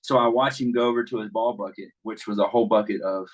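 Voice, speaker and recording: A man's voice: lowish voice, fairly even intonation, quick pace, dull audio. Easygoing man telling baseball stories. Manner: easygoing storyteller, many restarts and fillers. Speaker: baseball coach, guest. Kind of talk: casual podcast chat.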